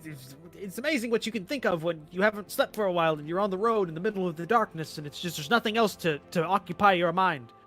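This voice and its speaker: Brief: man as a sleep-deprived traveler, frantic and stammering, slightly high, bright voice. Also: faint music behind. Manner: hurried, stammering, excited.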